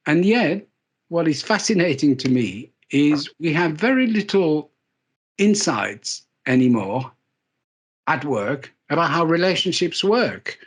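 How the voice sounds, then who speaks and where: Lively, joking male leadership speaker. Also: fairly high pitch, husky. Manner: lively storytelling, self-deprecating humour, repeats words for emphasis. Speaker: keynote speaker. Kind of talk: live leadership talk.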